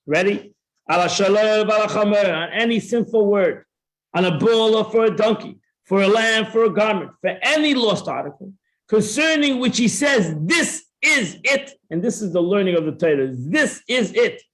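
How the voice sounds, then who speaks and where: A Torah teacher with a fairly high voice gives a classroom Talmud lesson at normal speed. He animatedly acts out both parties' claims, often repeating words and restarting his phrases.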